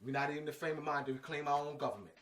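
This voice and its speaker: A man delivers an informal lecture at a racing pace in a fairly high, slightly bright voice, with slight background noise. He's emphatic and repetitive, peppering his talk with slang asides like "man" and "you know what I mean." The room is echoey and the mic distant.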